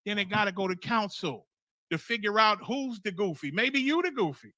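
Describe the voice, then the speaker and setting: A man's voice: extremely high pitch, lively intonation, normal speed, fairly bright tone, no echo. A man leading a scripture class, preaching in a loose, streetwise way with profanity and acted-out exchanges.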